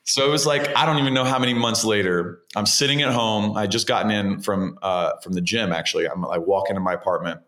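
A man in his forties from the United States, a guest actor telling animated, casual stories and swearing freely now and then. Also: lowish voice, fast, few pauses. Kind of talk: casual storytelling.

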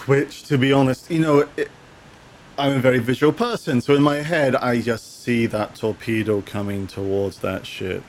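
A man talks casually as co-host of a gaming podcast, pausing and repeating words while he gathers his thoughts. He reads viewer comments aloud. Faint ambient noise sits behind his voice. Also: medium pitch, steady tone. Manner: halting, restarts with repeated words.

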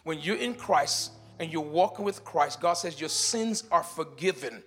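A man delivers a sermon in a church with a notably high voice. He swings between quiet, careful explanation and loud, urgent declarations, often repeating words as he works through a point. Faint music runs behind him. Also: lively intonation, a little slow, slightly rough. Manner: shifts from shouted declarations to quiet teaching. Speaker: pastor. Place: church sanctuary.

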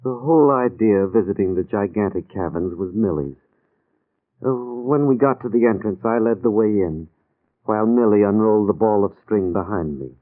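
An actor playing a nervous, shaken husband recovering in hospital, in 1940s radio acting. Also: male voice, lowish voice, moderate pace, close to an everyday voice. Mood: anxious. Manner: nervous, apologetic. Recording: tinny old radio recording.

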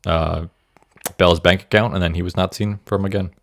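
A man with a deep voice, recorded dry and close, casually tells a true-crime story to his co-host. He rambles and fumbles his lines with self-deprecating humor, and he keeps things loose and conversational. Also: steady tone, moderate pace, gravelly, a bit bright, no room sound. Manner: rambling, self-deprecating, stumbles over words. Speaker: podcast co-host. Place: Indiana.

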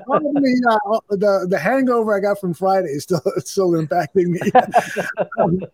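A man's voice: high voice, normal speed, darkish tone, breathy edge, no room sound. A man hosting a casual sports podcast, rambling with fillers and laughing often. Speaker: podcast host.

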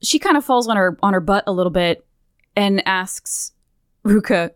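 Smooth-voiced woman podcast co-host. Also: medium pitch, moderate pace, no echo, clean studio sound. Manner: animated, acts out characters' lines with swearing and laughter. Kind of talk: casual chat recapping a game questline.

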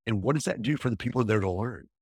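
Husky, emphatic man. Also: lowish voice, fast talker, no echo, clean studio sound. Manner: energetic, emphatic, repeats himself. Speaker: entrepreneur guest. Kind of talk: casual interview talk.

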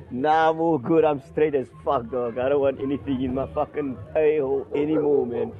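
Man, fairly high voice, rambling casual storytelling, repeats himself, profane, muffled lo-fi recording. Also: steady tone, a little slow. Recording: dull lo-fi recording.

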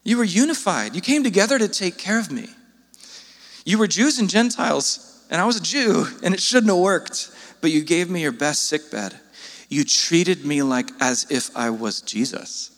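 A man's voice: animated, moderate pace, a bit bright. Earnest male pastor in a reverberant hall. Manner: earnest, pleading, with sudden rises in pitch. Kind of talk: sermon.

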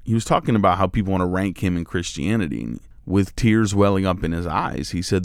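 A man's voice: sits low, brisk, vocal fry, hardly any pauses, dry recording, clean studio sound. A male pastor giving a devotional sermon in a casual, conversational way, with lots of filler words.

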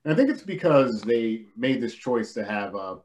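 A man co-hosting a relaxed film podcast. He rambles and hesitates as he goes, restarting his thoughts. His voice sits at an ordinary middle pitch. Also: moderate pace. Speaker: podcast co-host. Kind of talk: casual film discussion.

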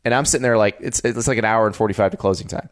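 A man's voice: on the low side, racing. A man in his forties co-hosting a podcast, chatting casually and telling food stories with enthusiasm. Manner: enthusiastic storyteller, animated. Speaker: podcast co-host. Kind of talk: casual chat about food and travel.

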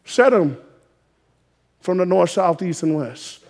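Male preacher, high voice, fervent exhorting sermon delivery with loud peaks. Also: sing-song, slow. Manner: exhorting, call-and-response rising to shouted emphasis.

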